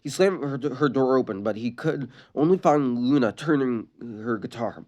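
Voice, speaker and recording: A storyteller reading a fan-written sad story aloud, expressive and stumbling on a few words. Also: mid-range voice, moderate pace, few pauses.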